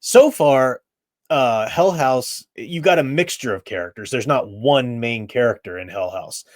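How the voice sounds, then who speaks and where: A man's voice: mid-range voice, unhurried, no echo, clean studio sound. A middle-aged man hosting a live stream, giving his blunt opinions in casual chat and laughing at his own remarks.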